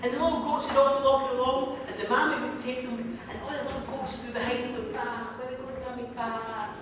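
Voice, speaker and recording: A man telling a comic folk story to listeners in a museum, lilting and playful, dropping low for punchlines. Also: fairly even intonation, fast, crowd noise. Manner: comic, lilting, with sudden drops to a low mutter. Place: museum hall. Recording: echoey hall, mic far off, faint noise.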